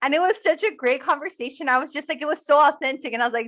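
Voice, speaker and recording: A woman's voice: sits high, quick pace, fairly bright tone. A woman co-hosting a podcast, chatting in a playful, teasing way. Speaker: podcast co-host. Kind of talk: casual podcast chat.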